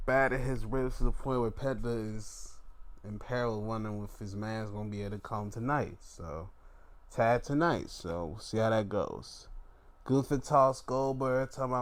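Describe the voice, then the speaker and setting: A young man hosting a casual solo podcast, recapping wrestling in an animated, profane way with laughs and sudden outbursts. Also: mid-range voice. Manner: animated, profane, laughs and swings between loud outbursts and mumbling asides. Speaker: podcast host.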